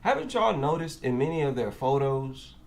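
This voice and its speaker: A man's voice: medium pitch, very animated, moderate pace, creaky. A man with an African American accent giving reaction commentary, incredulous and asking rhetorical questions.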